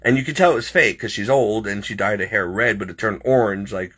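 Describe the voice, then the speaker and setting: Husky man rambling through a story. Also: on the low side, fairly quick, a bit bright. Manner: rambling, many "like"s and restarts. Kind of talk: casual storytelling on a video call. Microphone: video call.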